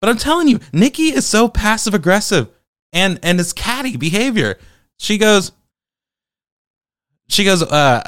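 A man hosting a commentary podcast, talking in an animated, incredulous way. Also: high voice, a little slow, pauses often, no echo, studio quality. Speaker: podcast host.

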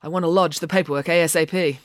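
A brisk, businesslike woman lawyer who wants the paperwork done now, speaking in short, decisive phrases, as a storybook narrator puts her on. The sound is close and dry. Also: mid-range voice, steady tone, dry recording, close to an everyday voice. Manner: curt, businesslike. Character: crisp, efficient female lawyer.

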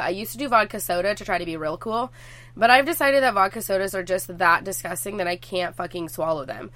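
A woman's voice: medium pitch, sharp tone, no room sound. A young woman vlogging casually to her viewers, chatty and swearing freely as she tells stories.

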